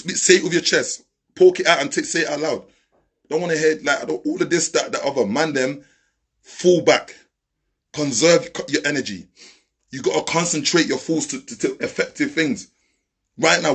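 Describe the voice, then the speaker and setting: A man's voice: on the high side, breathy edge. A man ranting confrontationally on a live stream, repeating himself and swearing. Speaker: social media live host. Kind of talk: heated live-stream rant.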